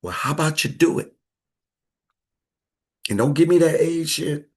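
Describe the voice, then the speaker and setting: A man talks to his audience in a lively, bouncing voice that climbs high and drops low. He is blunt and preachy, swears freely and laughs often, and keeps falling back to a hushed tone. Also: measured pace. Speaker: host. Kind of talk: casual live-stream talk.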